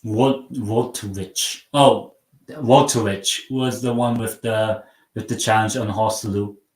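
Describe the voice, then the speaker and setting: A man hosting a casual live football watchalong. He rambles and mocks himself, and his sentences often trail off quietly. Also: lowish voice, steady tone, slow. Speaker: live stream host. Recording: roomy sound from a mic at some distance.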